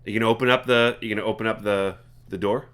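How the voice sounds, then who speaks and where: Bright-voiced man running a tabletop game. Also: on the low side, fairly even intonation. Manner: halting, filler-heavy narration. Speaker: dungeon master.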